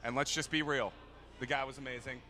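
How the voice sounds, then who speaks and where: A man co-hosting a podcast live from a bar, loud and upbeat with frequent laughs. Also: medium pitch, steady tone, a little fast. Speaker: podcast co-host. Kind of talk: casual bar banter.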